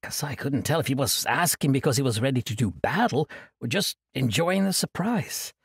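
A man narrating a fantasy audiobook in an expressive storytelling manner. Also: medium pitch, normal speed, gravelly, breathy edge, no echo, clean studio sound.

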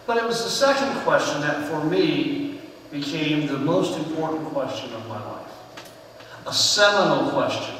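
A fairly high-voiced man preaches in an earnest, storytelling way, his phrase endings sinking into quiet. He sounds distant from the mic, with the long reverb of a big sanctuary around him. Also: lively intonation, normal speed, slight background noise. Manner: earnest storytelling, dropping softly at phrase ends. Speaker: pastor. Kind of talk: conversational sermon with personal stories. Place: church sanctuary with congregation.

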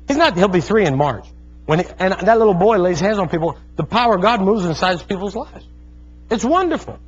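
A man's voice: sits high, breathy edge. A man in his thirties preaching a sermon, calling out to the congregation and telling stories with fervent energy. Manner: fervent, calls out to congregation, storytelling. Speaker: pastor. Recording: dull lo-fi sermon recording.

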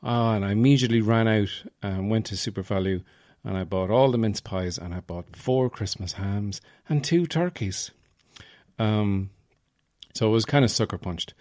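A man's voice: fairly low pitch, moderate pace, a little mellow, no room sound, studio quality. An Irish man hosting a podcast, telling stories in a rambling, wry, self-mocking comic monologue. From Ireland, Offaly. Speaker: podcast host.

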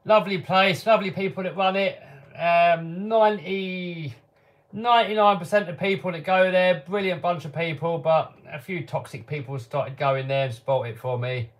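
A man's voice: high-pitched, normal speed. A man hosting a casual live-stream Q&A from his home workshop, reading out viewer questions and answering offhand with the odd chuckle. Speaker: channel host answering live chat.

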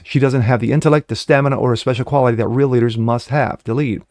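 Male commentator, mid-pitched, reads news then riffs mockingly, stumbles and corrects himself, dry booth sound. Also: steady tone, fast talker, darkish tone, dry recording. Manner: mocking asides, frequent fillers and self-corrections. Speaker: online political commentator. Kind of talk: reading news with personal commentary.

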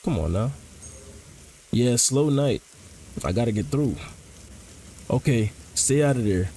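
A man's voice: medium pitch, animated, slow pace, warm tone, slight background noise, rough recording. A man casually commentating as he plays a horror game, joking in slang and reacting to what happens. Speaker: gaming channel host.

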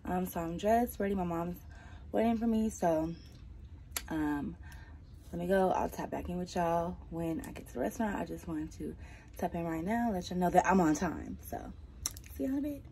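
Young woman, relaxed slangy vlogger talking to her phone camera, faint noise behind. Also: lowish voice, normal speed. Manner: relaxed, chatty, laughs often, lots of slang. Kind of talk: casual vlog chat to camera.

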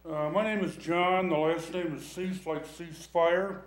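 A man's voice: fairly high pitch, fairly even intonation, measured pace, faint music behind. A man giving folksy, joking remarks at a city council meeting. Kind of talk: public remarks with humor. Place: council chamber. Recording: echoey chamber.

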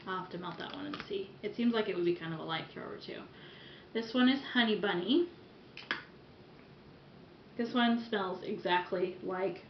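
A chatty woman rambles through a casual product review, breaking off now and then for giggly asides. Her voice sits at an ordinary middle pitch. The sound is dull and roomy, like a camera's built-in mic picking her up at home. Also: slight background noise. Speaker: vlogger reviewing wax melts. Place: room at home.

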